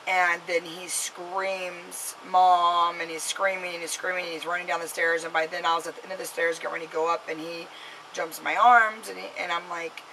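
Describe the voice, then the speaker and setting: A woman's voice: fairly low pitch, level tone, brisk, bright, forceful tone, a little hiss or hum, rough recording. A mother vlogging to camera, telling a story in a rambling way with many fillers and restarts and giving an earnest, scolding warning.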